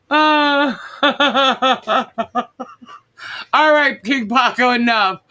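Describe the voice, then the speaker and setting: A woman's voice: high voice, pushed and bright. A woman hosting a live online show, laughing constantly as she reads out viewer comments. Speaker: livestream host.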